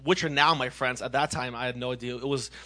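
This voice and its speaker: A man in his twenties from Massachusetts, sharing his personal testimony as a youth minister in an earnest, animated way, often restarting his sentences. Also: mid-range voice, fast. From Massachusetts, USA.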